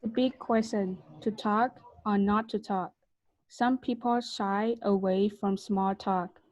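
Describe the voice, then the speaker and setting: A woman's voice: mid-range voice, steady tone, takes it slowly, a little mellow, no echo, low-quality recording. A woman student reading a text aloud carefully during an online English class. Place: video call.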